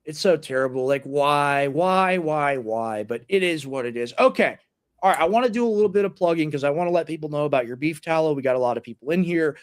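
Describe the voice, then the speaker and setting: A young man with an American accent hosting a podcast in casual, animated chat with mocking asides. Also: on the high side, fast talker. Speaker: podcast host.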